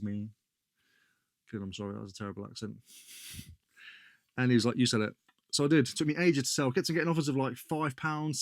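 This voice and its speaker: In a medium-pitched voice, a British man who vlogs about reselling talks casually through his latest finds. He uses plenty of slang and keeps fixing his sentences partway through. The audio is dry and of studio quality.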